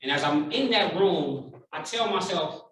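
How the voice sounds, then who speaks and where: Man, 30s, keynote speaker; heartfelt, animated storyteller; bright tone, far off in a booming hall. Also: a little slow, a little hiss or hum. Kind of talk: personal storytelling keynote speech. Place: large conference room.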